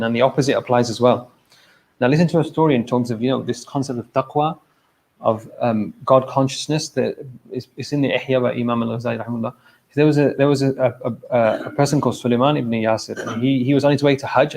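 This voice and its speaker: A man's voice: mid-range voice, a little mellow. Man giving a casual mosque talk. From England. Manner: conversational, direct, frequent "okay?" and "look", brief laughs. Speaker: speaker at a mosque event. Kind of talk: informal sermon to a congregation. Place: mosque hall.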